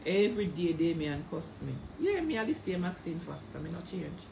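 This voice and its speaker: A woman's voice: on the low side, sing-song, fairly quick, gravelly, background noise. A middle-aged woman with a Jamaican accent, speaking Patois in a heated, tearful livestream rant, calling out viewers by name into a phone. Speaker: social media livestreamer.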